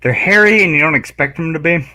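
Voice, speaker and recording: A man in casual chat who tells animated stories, acting out voices and laughing loudly. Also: on the high side, fast. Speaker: guest.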